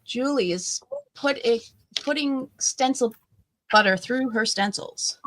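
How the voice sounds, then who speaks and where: Bright-voiced woman co-hosting a craft stream. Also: on the high side, slow pace, dry recording. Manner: chatty, reads out viewer comments. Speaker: crafting co-host. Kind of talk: casual crafting livestream chat.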